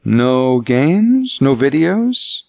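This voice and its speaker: A man's voice: mid-range voice, big pitch swings, very slow, vocal fry, a little mellow, dry recording, dull audio, pitched above the performer's own voice, exaggerated voice. A man voicing a cautious, tender father of a bullied son, speaking tentatively in an audiobook. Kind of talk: audiobook character voice.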